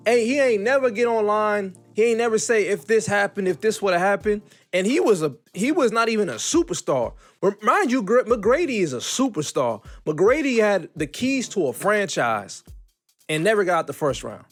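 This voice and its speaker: Brief: male vlog host, loose slangy commentary, high pitch, soft music under. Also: big pitch swings, moderate pace. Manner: casual, talks through stumbles, uses "bro" and "yo".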